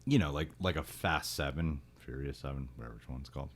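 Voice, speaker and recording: A man with an extremely low voice hosts a casual movie podcast at a quick pace. He rambles, restarts his sentences, and laughs often.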